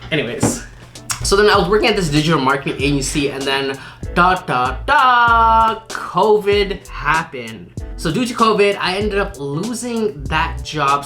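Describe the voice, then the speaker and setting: A young marketing vlogger chats upbeat and casually in a fairly high, sharp-toned voice. He's boastful and talkative, laughing often.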